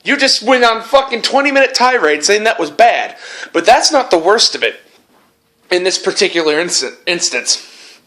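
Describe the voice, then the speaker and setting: A man's voice: high-pitched, big pitch swings, moderate pace, bright, forceful tone. A man hosting his channel, delivering an angry, profane rant full of sarcasm and swearing. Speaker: channel host.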